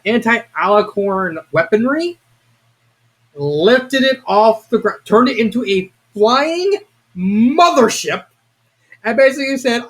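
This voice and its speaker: A young man giving a casual, rambling video review of a fan story, excitable and prone to restarts. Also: sits high. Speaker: fanfiction reviewer.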